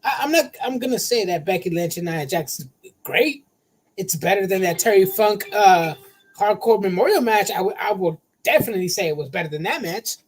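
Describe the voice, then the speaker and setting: A man co-hosting a casual wrestling talk show, excitable and slangy, calling his partner bro. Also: sits high, a little fast, husky, rough recording. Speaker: podcast co-host.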